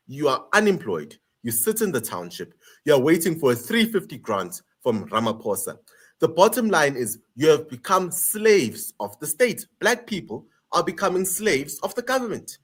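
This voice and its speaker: South african guy ranting hard on a video call panel, kinda high voice for a man, keeps hammering the same points. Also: sing-song, moderate pace, husky. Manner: emphatic, repeats points for stress. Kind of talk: passionate political commentary.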